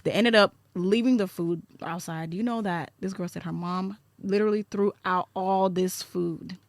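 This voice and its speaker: Low-voiced woman podcast host, dry close mic. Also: steady tone, normal speed, no echo. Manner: conversational, retelling stories with quoted voices. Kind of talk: casual chat.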